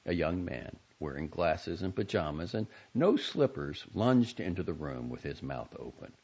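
A man reading a story aloud as narrator, with lively, expressive storytelling. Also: low-pitched, normal speed, slightly rough. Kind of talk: audiobook reading. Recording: dull lo-fi recording.

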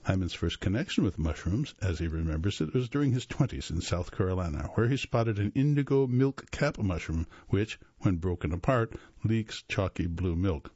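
A man hosting a radio reading service, reading a magazine article aloud in a steady, measured way with the odd stumble and self-correction. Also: low-pitched, breathy edge, dry recording, dull audio.

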